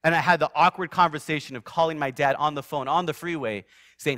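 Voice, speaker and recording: A man giving a sermon built on his own testimony in a church, telling it vividly, surging loud and then dropping soft. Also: medium pitch, normal speed, no room sound, clean studio sound. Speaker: guest preacher. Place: church sanctuary.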